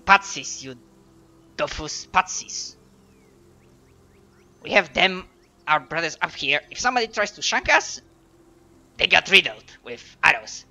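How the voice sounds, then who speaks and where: A man's voice: a little high, big pitch swings, unhurried, pauses often, sharp tone, lo-fi sound, pitched above the performer's own voice, full character voice. A man voicing a pair of dim-witted male goblin guards, in a strained, throaty voice and a crude, squabbling manner. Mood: bored.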